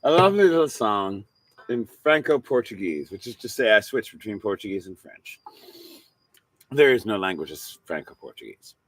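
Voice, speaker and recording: A man's voice: fairly low pitch, sing-song, moderate pace, no echo. A man hosting a live bar show as a singing bard, joking and bantering in a bawdy, playful way between songs. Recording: loud guitar music behind. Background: loud guitar music.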